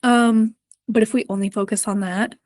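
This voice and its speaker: A woman mental performance coach giving a presentation to parents and coaches, earnest and gently encouraging with frequent ums. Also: a little high, steady tone, normal speed, no room sound.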